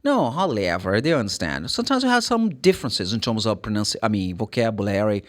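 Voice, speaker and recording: A man with a Brazilian Portuguese accent gives an English pronunciation lesson, repeating words slowly to model the sounds and often correcting himself. His voice is on the low side, with big pitch swings.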